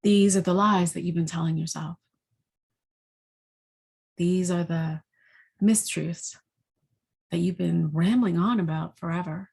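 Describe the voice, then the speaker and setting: Calm higher-self voice done by a woman, low and breathy, slow and firm. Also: exaggerated voice.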